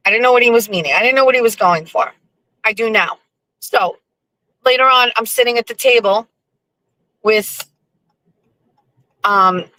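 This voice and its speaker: A woman hosting her show, telling stories in a chatty, animated way. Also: mid-range voice, no echo, poor audio. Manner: chatty, animated, with lively acted-out quotes. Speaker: host. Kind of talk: casual storytelling monologue.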